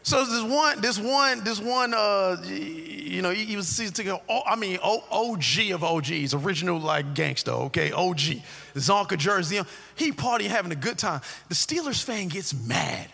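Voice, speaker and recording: A man's voice: sits high, normal speed, creaky, few pauses. A man preaching a sermon as a comic story, bantering with the audience and adding lots of asides. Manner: animated, joking, full of asides to the audience. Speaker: pastor. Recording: long hall reverb.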